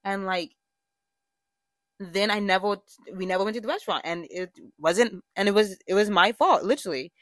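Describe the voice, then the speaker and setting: Her mid-range voice is a bit bright and moves at a normal speed, with no room sound. This young adult woman hosts a podcast, chatting candidly in a casual monologue with lots of fillers and self-corrections.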